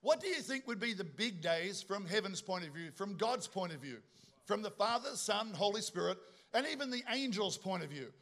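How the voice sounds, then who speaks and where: Middle-aged man, high-pitched, lively joking preacher working the room. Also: normal speed. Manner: animated, joking storyteller with asides to the congregation. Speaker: pastor. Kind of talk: sermon.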